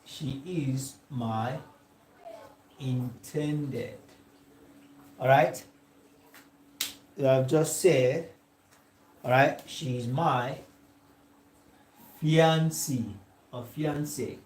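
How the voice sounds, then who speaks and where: A male tutor with a Nigerian English accent giving a classroom lecture. He dictates slowly, repeats examples word by word and keeps asking "all right?". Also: medium pitch, a little hiss or hum. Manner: slow and dictating, checks in with "all right?" after nearly every phrase; repeats example sentences word by word for note-taking. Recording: echoey room.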